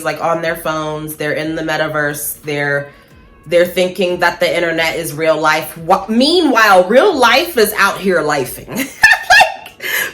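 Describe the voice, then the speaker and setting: Woman, lowish voice, casual monologue, blunt, swears, slows down to stress points. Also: a bit bright. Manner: blunt, chatty, swears freely, laughs at own points; slows down for emphasis. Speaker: spiritual vlogger.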